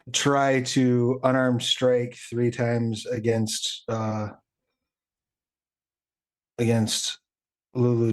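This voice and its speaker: A man acting as game master for a tabletop game, relaxed, chuckling often as he narrates and sorts out rules. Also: medium pitch. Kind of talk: running a tabletop game over stream.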